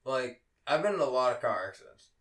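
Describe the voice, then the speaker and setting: A man's voice: mid-range voice, big pitch swings, brisk, fairly bright tone, distant mic. A young man co-hosting a podcast, telling a story in casual chat, swearing a lot and laughing often. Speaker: podcast co-host. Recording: roomy, off-mic echo.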